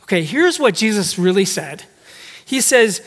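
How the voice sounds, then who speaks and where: A man's voice: sits high, big pitch swings, unhurried, fairly bright tone. A man preaching a sermon in a church, talking conversationally and putting rhetorical questions to the congregation. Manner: acts out quoted speech with shifting tone. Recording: long hall reverb.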